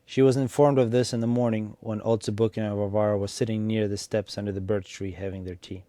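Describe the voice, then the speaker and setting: A man reading a classic story aloud, unhurried, with small slips. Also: fairly low pitch, level tone, mellow, dry recording. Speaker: reader.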